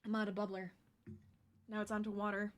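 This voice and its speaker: A woman streamer chatting with her viewers while she crochets, bubbly and quick to giggle. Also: medium pitch, flat delivery.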